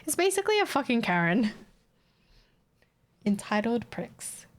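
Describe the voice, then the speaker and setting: A woman's voice: a little high, big pitch swings, unhurried. A young Australian woman with an Australian accent, chatting casually with her stream viewers in a blunt, sweary way and laughing often.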